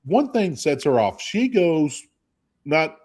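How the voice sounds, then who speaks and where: A man tells stories in a loose, chatty way, with a pitch that climbs and dips a lot. He acts out the voices of the people he quotes and keeps the talk casual, like a radio co-host. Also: takes it slowly. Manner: animated storyteller acting out quotes. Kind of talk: casual storytelling chat.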